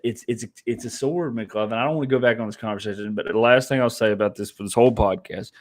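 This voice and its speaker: A man's voice: fairly low pitch, fast talker. Rambling man on a sports podcast. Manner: rambling, frequent restarts, laughs often. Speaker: podcast co-host. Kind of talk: casual sports podcast chat.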